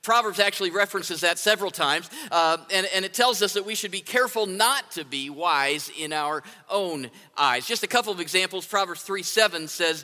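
A man's voice: high-pitched, moderate pace, few pauses, sharp tone. A man preaching a sermon in a conversational way, often asking "right?" to his listeners. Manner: conversational, asks rhetorical "right?". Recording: long hall reverb.

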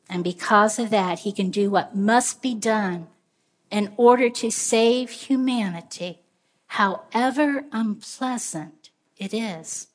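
A woman preaching a sermon, speaking in an earnest, measured storytelling way. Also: fairly high pitch.

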